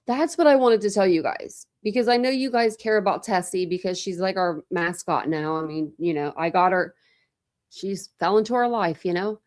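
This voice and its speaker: A woman's voice: medium pitch, normal speed, darkish tone. A woman hosting a true crime livestream, chatting casually and rambling with lots of fillers. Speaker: true crime channel host.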